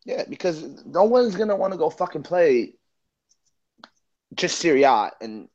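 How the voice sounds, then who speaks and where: Podcast co-host, male, lively swearing rant, slightly high voice. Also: a little slow, lo-fi sound. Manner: profane, animated ranting. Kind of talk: casual chat.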